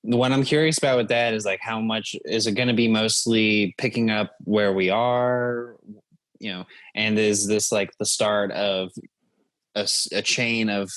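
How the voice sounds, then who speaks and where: A man's voice: on the low side, steady tone, unhurried, a bit bright, dry recording. A man co-hosting a podcast in casual chat, easygoing and reflective. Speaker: podcast co-host.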